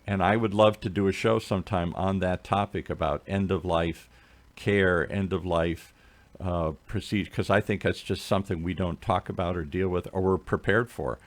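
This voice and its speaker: A man's voice: low-pitched, fairly even intonation, normal speed. A middle-aged man co-hosting a radio talk show, chatting and telling stories with many restarts. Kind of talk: casual talk radio conversation.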